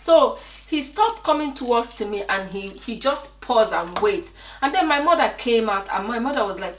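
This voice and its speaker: Lively Nigerian woman, echoey kitchen. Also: sits high, brisk, a little hiss or hum. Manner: animated chatty storyteller, often addresses viewers as guys. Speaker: vlogger. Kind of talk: cooking vlog storytime. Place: home kitchen. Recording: echoey room, mic at a distance.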